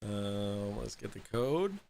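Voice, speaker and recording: A man hosting a casual livestream, drunk and high, rambling and halting over fillers as he talks. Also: very animated, gravelly, dark tone. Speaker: host.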